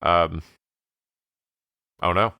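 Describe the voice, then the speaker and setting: Very deep voiced guy on a movie podcast, crisp bright tone, dry and matter of fact. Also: steady tone, drawn-out words, dry recording. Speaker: podcast co-host. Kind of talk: casual movie review chat.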